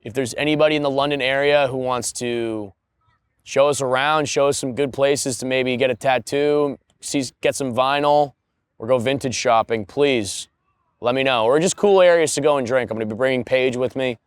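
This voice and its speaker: A man's voice: mid-range voice, moderate pace, clean tone, dry recording. Laid-back crude-joking male podcast host. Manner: laid-back, crude jokes, bursts into loud mock-announcer parody. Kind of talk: casual solo podcast chat.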